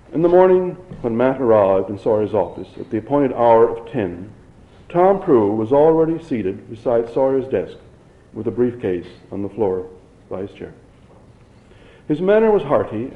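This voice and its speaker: Man narrating an audiobook, muffled. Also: medium pitch. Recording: dull lo-fi recording.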